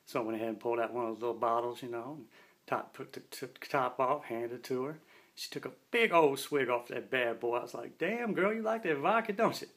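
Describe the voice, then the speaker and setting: A man's voice: medium pitch, fairly even intonation, a little fast, fairly bright tone. A middle-aged man telling a story in a casual, folksy, slangy way and often talking about himself in the third person.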